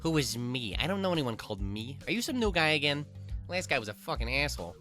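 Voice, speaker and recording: A man voicing a manic, paranoid, nearly blind young man who talks loudly and jitters between friendly and hostile. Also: medium pitch, sing-song, fast, soft background music, pitched above the performer's own voice. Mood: suspicious.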